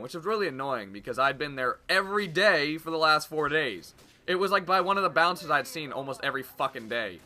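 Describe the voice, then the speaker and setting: A young man casually telling a story to his viewers in a vlog, swearing freely and acting out what others said. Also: a little high. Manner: animated, profane, acts out quoted voices. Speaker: YouTube vlogger.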